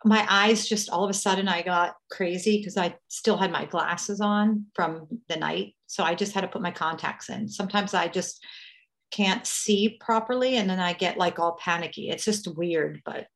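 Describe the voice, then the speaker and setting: A woman's voice: fairly low pitch, moderate pace, a bit bright. A woman co-hosting a casual chat, talking in an easygoing, rambling way. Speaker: co-host.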